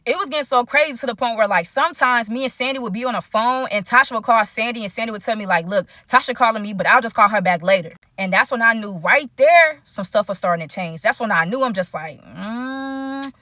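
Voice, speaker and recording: Young woman storyteller, bright and forceful, animated and slangy, dry close sound. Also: on the high side, quick pace, few pauses, no room sound. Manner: animated, chatty, slangy, talks straight to viewers. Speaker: storyteller vlogger. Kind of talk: casual storytime narration.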